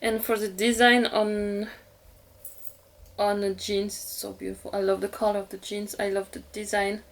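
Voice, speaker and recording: A woman's voice: mid-range voice, level tone, normal speed. A young woman with a French accent, chatting casually and gushing as she unboxes dolls for her viewers. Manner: gushing, giggly, talks to viewers. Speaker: doll collector vlogger.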